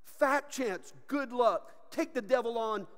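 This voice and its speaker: A man preaching a sermon as pastor, animated and joking, often laughing. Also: very high-pitched, slow pace, big-room sound. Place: church sanctuary.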